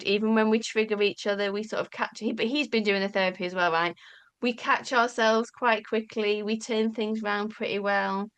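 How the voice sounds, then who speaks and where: A woman talking candidly as an interview guest, animated and storytelling, casually swearing and acting out quoted dialogue. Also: on the high side, clear, resonant tone. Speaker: podcast guest.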